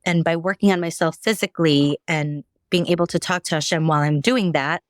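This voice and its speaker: Lady telling her story all loose and rambly, kinda low voice, dry close sound. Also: steady tone, brisk, no echo. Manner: rambling, candid, many restarts and "like"s. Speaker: podcast guest. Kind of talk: casual personal storytelling.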